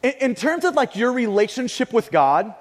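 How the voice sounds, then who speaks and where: A man's voice: extremely high pitch, very animated, moderate pace. A male pastor preaching a sermon earnestly, often stammering and repeating words. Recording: long reverb of a large hall.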